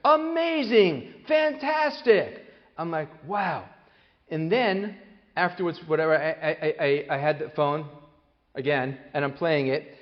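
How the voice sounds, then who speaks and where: A man giving a parenting talk to an audience, telling lively stories and acting out the voices of the people in them, with many restarts. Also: on the high side. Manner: animated storyteller, acts out quoted voices, many restarts. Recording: long hall reverb, dull lo-fi sound.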